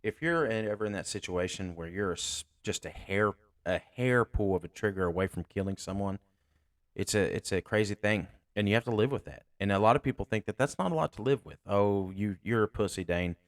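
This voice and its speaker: Low-voiced, blunt, profane man. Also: lively intonation, a little fast, dry recording, clean studio sound. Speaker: sheriff's deputy and podcast host. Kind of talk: casual storytelling.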